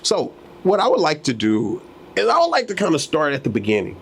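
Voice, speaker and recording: A man's voice: a little high, huge pitch swings, a little fast, fairly bright tone, slightly rough. A man hosting a podcast, enthusiastic and friendly as he interviews a guest. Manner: enthusiastic, hype introductions. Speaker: podcast host. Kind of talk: casual interview.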